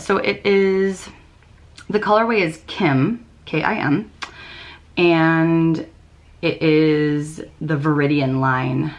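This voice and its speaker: A young woman hosting a knitting podcast, chatting casually with many ums and little laughs. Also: low-pitched. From United States. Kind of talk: casual chat.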